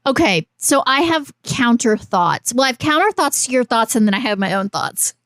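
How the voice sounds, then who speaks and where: Animated, profane woman, higher voice. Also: normal speed, no room sound, clean studio sound. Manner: animated, profane, teasing, argumentative. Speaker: podcast co-host. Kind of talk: casual chat.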